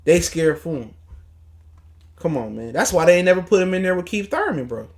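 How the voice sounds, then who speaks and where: A man's voice: fairly high pitch, sing-song, brisk, a little mellow. A man hosting a casual boxing livestream, ranting in a heated, profane, mocking way. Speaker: boxing talk show host.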